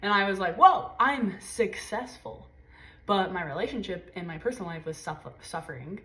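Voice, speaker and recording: A woman giving a casual tarot reading, talking intensely and swearing freely. She drops to low murmurs and jumps to high exclaims as she gives a spiritual pep talk. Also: quick pace, fairly bright tone. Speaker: tarot reader.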